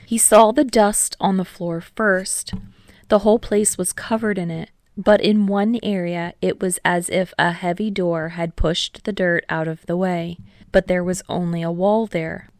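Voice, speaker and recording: Low gravelly woman narrating. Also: measured pace, dry recording. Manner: steady storytelling, voicing all characters. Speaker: podfic reader. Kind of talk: scripted narration.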